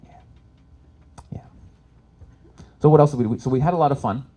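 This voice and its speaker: At a live event, a Canadian comedian on an expo stage tells stories with animation and acts out the characters using voices for the audience. His pitch is medium and his pace brisk.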